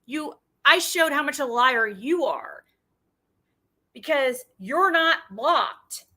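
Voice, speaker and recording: A woman's voice: sits high, expressive, bright, forceful tone. A woman hosting a casual livestream, blunt and combative, swearing often and restarting her sentences. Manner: halting, with frequent restarts. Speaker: livestream host.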